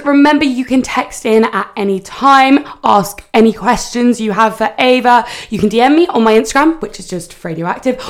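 Upbeat young woman hosting radio. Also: on the high side. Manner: upbeat, quick reactions, stumbles over figures. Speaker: radio host.

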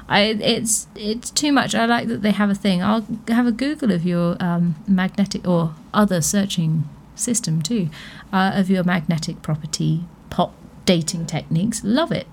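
A woman's voice: medium pitch, moderate pace, gravelly, slight background noise. A British woman hosting a radio show, chatting casually about science news with amused asides and lots of fillers. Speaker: radio host.

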